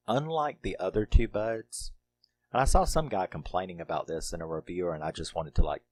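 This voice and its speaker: A man's voice: low voice, darkish tone. A middle-aged man reviewing a horror movie in casual, rambling talk, laughing often and swearing freely.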